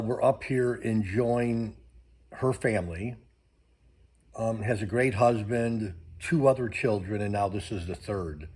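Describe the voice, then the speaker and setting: A man's voice: medium pitch, a little mellow, husky. Folksy older male vlogger. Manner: rambling, folksy, many fillers. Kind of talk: casual chat to camera.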